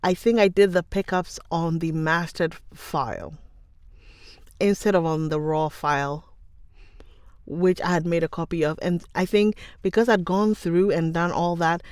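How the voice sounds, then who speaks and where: A young woman whose first language is Twi hosts a livestream, chatting casually with viewers, laughing often, and greeting them by name. Her fairly low voice has a steady, darkish tone and moves a little slowly, recorded in studio quality with no room sound.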